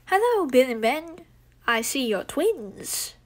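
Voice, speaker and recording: A woman's voice: high-pitched, very animated, takes it slowly, heavily acted. A woman playing a fussy, stern little diesel.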